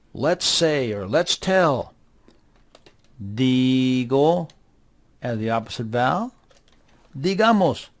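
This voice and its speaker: A middle-aged man teaching a kids' class at a very unhurried pace, with a voice of ordinary pitch. He drills words one by one and repeats each one patiently. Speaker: Spanish teacher. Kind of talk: slow, deliberate classroom instruction for kids.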